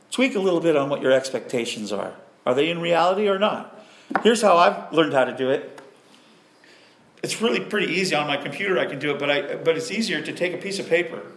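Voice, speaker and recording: A middle-aged man preaching a sermon, lively and self-deprecating, acting out the voices he quotes. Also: a little high, echoey room. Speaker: pastor.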